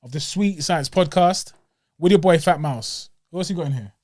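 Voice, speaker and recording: A man from England hosting a podcast in casual chat, mocking and swinging between loud and soft. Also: a little high, moderate pace, no room sound, studio quality. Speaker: podcast host.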